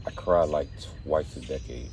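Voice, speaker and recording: A man hosting a casual sit-down conversation, telling stories in a lively, self-mocking way. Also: a bass voice, normal speed, slight background noise. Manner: animated storyteller, laughs at himself. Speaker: host.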